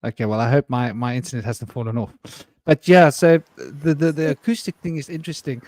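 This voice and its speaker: A man's voice: mid-range voice, fairly even intonation, darkish tone, dry recording, clean studio sound. A man, telling rambling stories and laughing often during an online panel discussion. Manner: rambling, anecdotal, quick to laugh. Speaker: round table participant. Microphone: video call.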